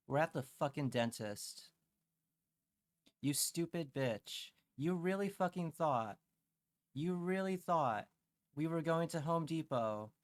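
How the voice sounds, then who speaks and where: Guy doing a mean tax agent, sing-song coaxing then swearing, smooth voice, dry mic. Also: fairly high pitch, dry recording, lightly acted. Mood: scornful. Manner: sing-song coaxing that turns to profane scorn. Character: taunting tax agent driving a truck, fake-cheerful then cruel. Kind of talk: comic rant on a live stream.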